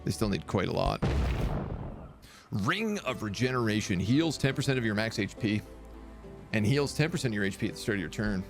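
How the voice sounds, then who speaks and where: Lively casual male game streamer. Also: fairly low pitch, fairly quick, pauses often, music in the background. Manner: casual, reads game text aloud. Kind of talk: live gameplay commentary.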